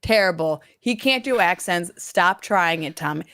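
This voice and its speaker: A woman's voice: lowish voice, lively intonation, measured pace, a bit bright. A woman co-hosting a live podcast who talks in a casual, outspoken way. She rants bluntly and jokes around. She fills her sentences with "like". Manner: blunt, joking, says "like" a lot. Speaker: podcast co-host.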